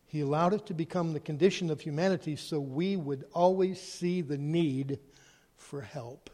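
A man preaching a sermon, animated, swinging between loud emphasis and quiet, hushed asides. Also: a little high, normal speed. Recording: long hall reverb.

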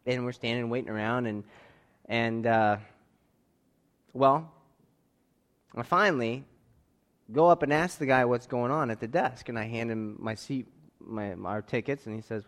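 A man telling a personal story to an audience in an animated way, acting out the dialogue and laughing as he goes. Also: medium pitch, measured pace, pauses often. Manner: expressive, swings between quiet asides and loud outbursts.

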